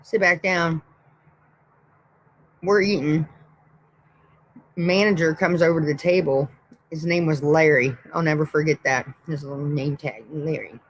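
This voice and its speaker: Woman streamer, casual rambling storyteller, swears freely, low hum of room behind her. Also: a little slow, long pauses, low-quality recording. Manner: profane, rambling, blunt. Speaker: livestream host.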